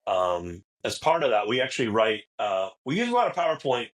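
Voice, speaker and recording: A man speaks as a podcast guest, relaxed and conversational. His voice sits at an ordinary middle pitch. He talks loosely and often pauses to rephrase. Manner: relaxed, many fillers and restarts. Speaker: guest, technology executive. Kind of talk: casual interview talk.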